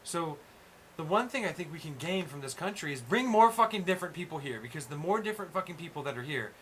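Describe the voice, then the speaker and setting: A man in casual chat, hosting, ranting loudly and swearing constantly. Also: fairly high pitch, quick pace, slight background noise. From USA. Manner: profane, ranting, animated. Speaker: host.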